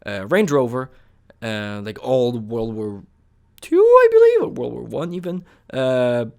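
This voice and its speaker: A young man giving a casual opinion rant as a vlogger, moving between calm, mumbled stretches and sudden loud, high bursts of yelling, and swearing freely. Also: a little slow, gravelly. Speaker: vlogger reviewing a TV show.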